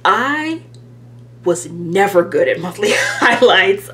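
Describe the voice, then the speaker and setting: A woman's voice: mid-range voice, very animated, slow, a bit bright. A woman chatting casually to camera as a planner vlogger, rambling and self-deprecating, with lots of fillers.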